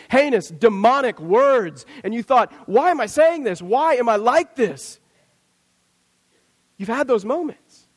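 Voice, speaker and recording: A man preaching a sermon as pastor, asking rhetorical questions and acting out quotes with emphasis. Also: high-pitched.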